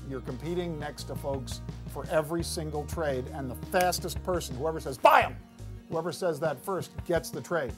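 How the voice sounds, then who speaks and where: A man with a fairly high voice speaks in a punchy, vivid way about trading against his neighbors. Music plays clearly underneath him. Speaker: floor trader. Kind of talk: documentary interview.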